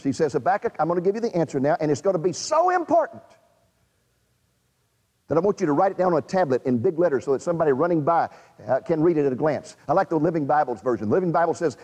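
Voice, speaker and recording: Brief: emphatic male preacher, high and very animated, dramatic sermon, long reverb. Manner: dramatic, emphatic, rhetorical questions to the audience.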